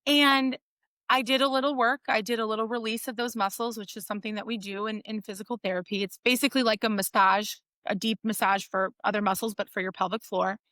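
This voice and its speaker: A woman physical therapist, a guest on an interview show, explaining her work in casual, animated talk full of "like" and "right?". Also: on the high side, fast talker, dry recording. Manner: animated storytelling, frequent "like" and "right?".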